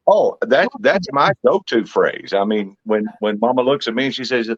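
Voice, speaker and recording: A man's voice: mid-range voice, lively intonation, normal speed, husky, dry recording, lo-fi sound. A man, a comedy hypnotist, telling jokes and stories in casual chat as a guest. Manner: wisecracking storyteller.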